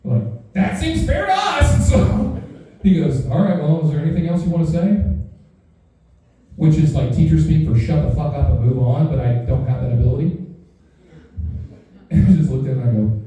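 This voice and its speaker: Young guy doing standup, dark mellow voice, really echoey room, mic kinda far. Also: fairly high pitch, a little fast, long pauses. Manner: profane, animated, acts out quoted voices. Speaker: stand-up comedian. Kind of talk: stand-up storytelling. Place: live comedy show in a house.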